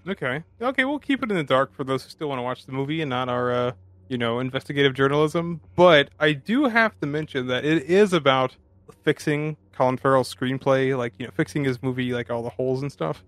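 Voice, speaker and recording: A man's voice: mid-range voice, animated, a little fast, a bit bright, no echo. A man co-hosting a casual beer-and-movie podcast, laid-back and making joking asides. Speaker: podcast co-host.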